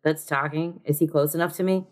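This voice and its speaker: A woman's voice: deep voice, steady tone, brisk. A woman playing a tabletop role-playing game, chatting in a playful, offhand way. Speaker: player. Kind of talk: casual tabletop game chat.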